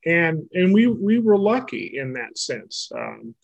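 A man in his fifties, an author interviewed as a guest, telling animated stories with frequent laughter. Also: a little high, takes it slowly, creaky, rough recording. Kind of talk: conversational interview storytelling.

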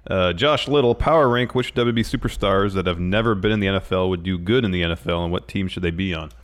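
A man with a very deep voice co-hosting a casual podcast chat. He answers in a relaxed, agreeable manner. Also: quick pace. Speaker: podcast co-host.

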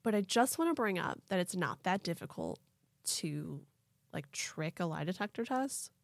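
Young woman podcast host, chatty n animated, says like a lot, dry close mic. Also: fairly low pitch, normal speed, vocal fry, no echo. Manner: animated, laughing, lots of "like". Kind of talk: casual storytelling chat.

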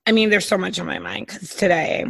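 Woman, podcast co-host, hoarse, gravelly fry, husky, dry close sound. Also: huge pitch swings, a little fast, a bit bright, no room sound. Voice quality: husky, deeper than usual. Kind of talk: casual chat.

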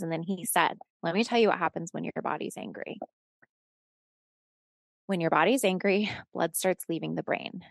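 This is a woman with a fairly low voice and a gravelly, crackling edge. She tells her story casually and acts out the dialogue. The sound is dry and close, with no room around it. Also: no echo. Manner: animated storyteller who acts out quoted dialogue; swears and laughs often. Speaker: podcast guest.

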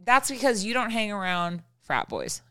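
A young woman with a bright, forward voice chats candidly as a co-host. She laughs often and slips into acted-out quotes as she tells stories. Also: medium pitch, very animated, normal speed, clear, resonant tone. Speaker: podcast co-host. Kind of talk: casual chat.

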